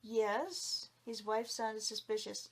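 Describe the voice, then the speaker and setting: A woman narrating a folk tale in an expressive storybook reading. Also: a little high, moderate pace.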